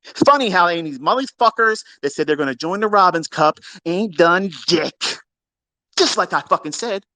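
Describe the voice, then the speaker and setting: A man's voice: animated, moderate pace, no room sound. Brash, profane man ranting. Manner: brash, mocking, swings from low mutters to loud outbursts. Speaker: trading educator. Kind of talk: profane rant.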